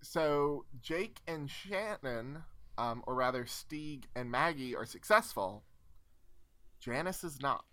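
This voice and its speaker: A young man narrating a tabletop game as game master, relaxed and hesitant with frequent pauses. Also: medium pitch. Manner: relaxed, hesitant with many ums.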